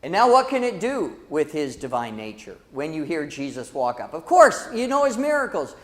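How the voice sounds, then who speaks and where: A man teaching a church Bible class in a lively, dramatic way, calling out to the class. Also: fairly high pitch, moderate pace, big-room sound. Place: church hall.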